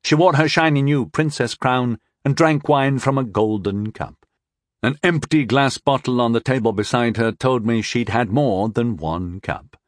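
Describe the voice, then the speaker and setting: A man narrating a fantasy audiobook in the first person, with an expressive storytelling delivery. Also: medium pitch, unhurried, no room sound, studio quality.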